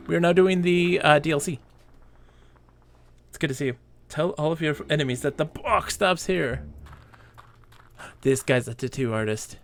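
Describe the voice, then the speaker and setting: A man's voice: a little high, normal speed, vocal fry, long pauses. A man doing live gameplay commentary, playful and rambling, joking and laughing as he talks. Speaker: streamer. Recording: game music underneath. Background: game music.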